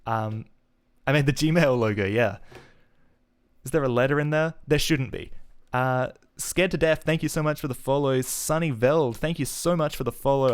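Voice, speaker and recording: A man's voice: mid-range voice, smooth. A man from Adelaide with a mild South Australian accent, chatting casually with viewers while thinking aloud through code on a live stream, with frequent fillers and restarts.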